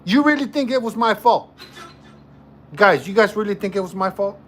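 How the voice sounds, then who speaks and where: A man's voice: sits high, animated, moderate pace, fairly bright tone, slight background noise. A man hosting a livestream, telling a story to his chat in a casual, joking way and repeating himself often. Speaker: livestream host.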